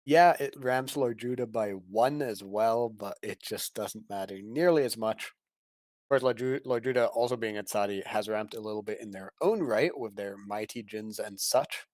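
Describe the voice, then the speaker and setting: A man's voice: on the low side, normal speed, darkish tone, no echo. A man commentating an online card game tournament, explaining plays in detail and laughing often.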